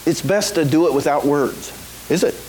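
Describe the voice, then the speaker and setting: Guy preaching a sermon, high voice, keeps asking the congregation stuff. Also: normal speed, darkish tone, rough recording. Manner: preaching to a congregation with call-and-response questions. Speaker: pastor. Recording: faint hiss.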